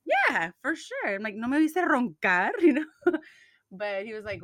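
Lively storytelling woman, dry close mic. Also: sits high, normal speed, no room sound. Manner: animated storyteller, acts out quotes; switches between English and Spanish. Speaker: podcast co-host. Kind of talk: casual chat. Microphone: studio USB mic.

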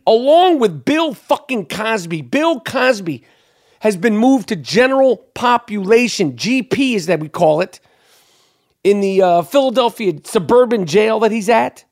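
Male host, slightly high-pitched, crude and sarcastic, ranting through weird news. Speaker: show host. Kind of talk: profane comedic news rant.

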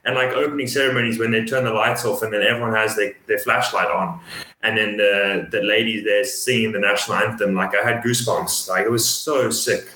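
A man with a Dutch accent chatting eagerly as a co-host, full of "like" and quick restarts. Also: fairly low pitch, steady tone, bright, forceful tone. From Netherlands. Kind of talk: casual chat. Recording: roomy echo.

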